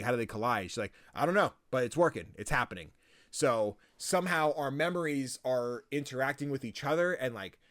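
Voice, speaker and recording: A man at a mid pitch talks through a game's story in loose, rambling podcast chat, peppered with "like" and frequent swearing. His voice sits close and dry, with no room sound around it. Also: fairly bright tone, dry recording. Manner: rambling, swears freely, lots of likes and ums. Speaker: podcast co-host. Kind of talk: casual game recap chat.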